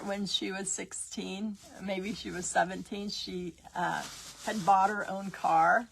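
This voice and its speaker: A woman's voice: medium pitch, slightly rough. A woman in her fifties, a grandmother, chatting and rambling through a DIY craft tutorial and laughing often as she tells family stories.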